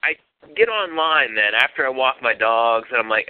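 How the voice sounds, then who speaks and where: Man, radio host, lively swooping pitch, casual profane storytelling, tinny phone-like sound, dry. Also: normal speed, no echo. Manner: animated, profane, laughing storyteller.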